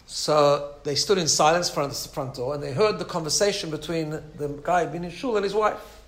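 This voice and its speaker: Animated male religious teacher. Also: on the high side, brisk. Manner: animated storyteller, frequent restarts and asides. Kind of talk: storytelling lesson.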